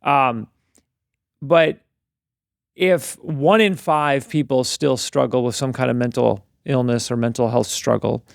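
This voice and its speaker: A man's voice: mid-range voice, fairly even intonation, measured pace, creaky, dry recording, clean studio sound. A man hosting an interview, speaking in an earnest, reflective way with many fillers. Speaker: interview host. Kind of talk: conversational interview.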